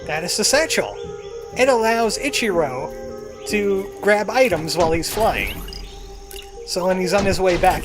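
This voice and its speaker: A man narrating his own game run in a chatty, self-mocking way, his voice sitting a little higher than most men's. Game music plays clearly underneath him throughout. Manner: self-deprecating, chatty, jokey. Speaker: let's play gamer. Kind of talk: casual gameplay commentary.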